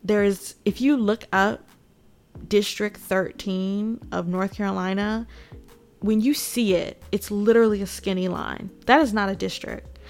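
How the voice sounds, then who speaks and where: A woman's voice: medium pitch, vocal fry. A woman giving casual, indignant political commentary straight to her viewers. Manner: indignant, addresses viewers directly, laughs between points.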